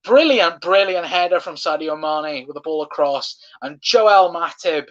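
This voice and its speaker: A man's voice: a little high, measured pace. A man hosting a live football watchalong, passionately ranting and swearing at referee decisions, on a dull lo-fi stream mic. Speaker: fan watchalong host.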